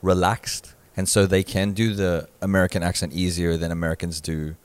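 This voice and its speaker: A man's voice: sits low, level tone, moderate pace, dry recording. A man co-hosting a podcast, chatting casually and rambling with frequent restarts. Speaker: podcast co-host. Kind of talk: casual chat.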